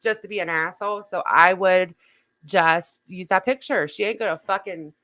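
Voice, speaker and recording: A woman with a bright, clear voice talks her viewers through a casual livestream. She rambles, restarts her sentences and swears freely. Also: on the low side, moderate pace. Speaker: YouTube drama commentary host.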